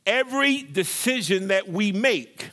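A male pastor preaching a sermon, lively and conversational, acting out scripture scenes with playful asides. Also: high-pitched, a little slow.

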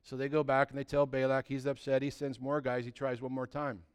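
A man preaching a sermon, retelling a story in an animated, conversational way. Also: medium pitch, fairly quick, clear, resonant tone.

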